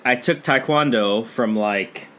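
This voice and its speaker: A man's voice: mid-range voice, takes it slowly, fairly bright tone, slight background noise. A man co-hosting a casual wrestling podcast, telling a long story with many false starts and restarts. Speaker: podcast co-host. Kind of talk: casual chat.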